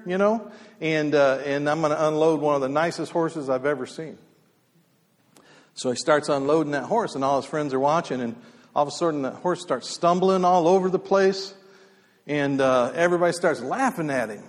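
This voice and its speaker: A man telling folksy stories casually, with many fillers and restarts, in a halting, easygoing way. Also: fairly high pitch. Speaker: storyteller speaker. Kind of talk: casual spoken storytelling. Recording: long hall reverb.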